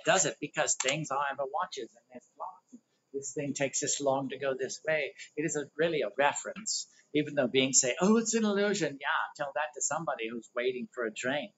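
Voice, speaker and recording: A man's voice: mid-range voice, fairly bright tone, a little hiss or hum. A man teaching a livestreamed spiritual workshop, rambling and conversational while he explains diagrams. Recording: dull lo-fi livestream audio.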